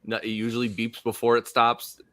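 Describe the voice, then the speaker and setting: A man playing a tabletop game, chatting about his headphone troubles in an animated way over a video call. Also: mid-range voice, brisk, dry recording, clean studio sound. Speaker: player. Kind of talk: casual chat. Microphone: headset on a video call.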